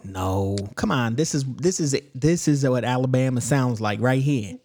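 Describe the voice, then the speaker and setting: A man's voice: medium pitch, moderate pace, darkish tone, lightly acted. A man playing a boastful, dim basement dweller with a Southern accent, rambling and losing his words. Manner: rambling, loses his words, defensive bragging. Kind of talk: improvised comedy character chat.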